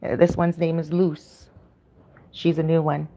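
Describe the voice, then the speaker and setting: A woman's voice: sits low, flat delivery, normal speed, highs cut off. A woman with a Canadian accent chatting casually on her livestream, upbeat and rambling with lots of ums and restarts. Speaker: YouTuber hosting a livestream.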